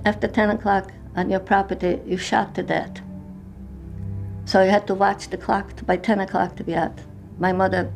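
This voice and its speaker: An older woman, her Yiddish, speaks at a middling pitch in a halting, emotional way. Her English is broken as she recounts her own story as personal testimony. Faint music plays softly behind her voice. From Poland. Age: 70s. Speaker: interviewee.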